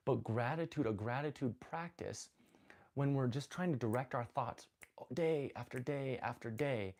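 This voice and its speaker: A man's voice: medium pitch, a little slow. Earnest, rambling man teaching live. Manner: rambling, self-correcting, earnest and animated. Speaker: host of a live spiritual talk. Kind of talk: casual live-stream teaching. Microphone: phone.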